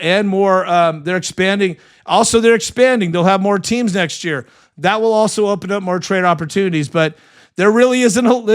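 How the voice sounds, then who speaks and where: A man's voice: high voice, fairly bright tone, clean tone. A man hosting a live sports stream, chatting casually and reading viewer comments, passionate and full of fillers.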